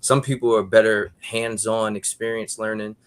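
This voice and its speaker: A man in a casual group talk, calmly explaining how people learn differently. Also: on the low side. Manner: measured, explanatory.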